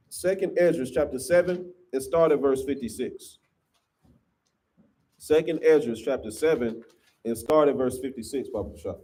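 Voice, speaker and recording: A man teaching scripture to a class in an emphatic, preachy way, often ending lines with "man". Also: fairly high pitch.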